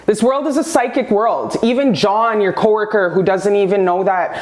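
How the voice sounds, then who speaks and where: Woman psychic vlogger, forceful pep talk with swearing, medium pitch, roomy echo on the recording. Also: normal speed. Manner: emphatic, profane, calls listeners "baby" and "you guys". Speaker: psychic reader. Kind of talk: motivational self-love monologue.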